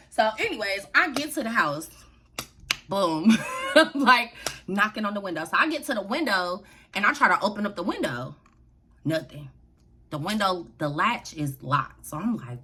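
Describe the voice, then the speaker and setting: A woman's voice: mid-range voice, animated, measured pace, sharp tone, breathy edge. A young adult woman telling a story on her vlog in a loose, slangy way, laughing often. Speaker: vlogger.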